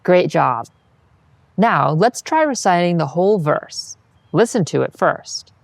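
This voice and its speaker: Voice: mid-range voice, animated, unhurried, gravelly, dry recording. A patient Latin teacher giving scripted instructional narration, modeling each phrase and then encouraging the listener to repeat it.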